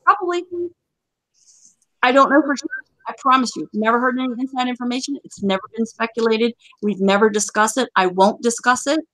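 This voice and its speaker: Brisk higher-pitched woman host. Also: a bit bright, no echo, poor audio. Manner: brisk, emphatic, instructive. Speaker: gaming community host. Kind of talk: live stream casual chat.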